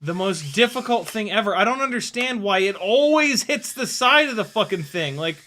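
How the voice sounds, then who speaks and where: A man vlogging as he flies a small drone, talking to himself in casual commentary with quick exclamations and the odd swear word. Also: sits high, expressive, sharp tone. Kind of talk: casual commentary while flying.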